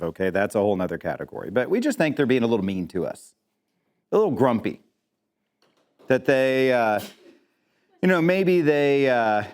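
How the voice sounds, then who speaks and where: Man, Bible class teacher, conversational, asks the class questions, joking asides, mid pitch. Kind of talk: interactive Bible lesson.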